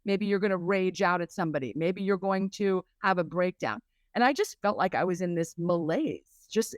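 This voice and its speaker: A woman coach being interviewed on a podcast, talking in a lively way and acting out quoted voices. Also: medium pitch, no echo. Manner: lively and animated, acts out quotes in raised voices. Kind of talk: conversational interview.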